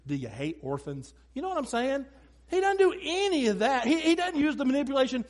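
Lively high-voiced man preaching. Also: quick pace. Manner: animated storytelling with asides and acted quotes. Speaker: pastor. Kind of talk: sermon.

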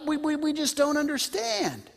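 A man voicing an aged patriarch who pleads with God, confused and halting. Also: very high-pitched, sing-song, creaky, voice pushed up, heavily acted. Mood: pleading. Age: older. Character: aged male patriarch praying in bewilderment.

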